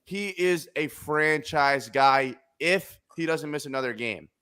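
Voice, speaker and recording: A man hosting a casual sports talk show, talking with excitable, emphatic energy and repeating his points for effect. His voice sits a little high and sounds bright and tense. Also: unhurried, clean tone. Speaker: podcast host.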